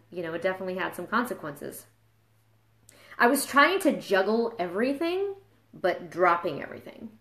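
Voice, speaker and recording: A woman's voice: on the low side, fairly bright tone. A woman in her thirties, a mom and fitness trainer, talking candidly and confessionally in a casual live video. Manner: candid, confessional, gets emotional. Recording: echoey room.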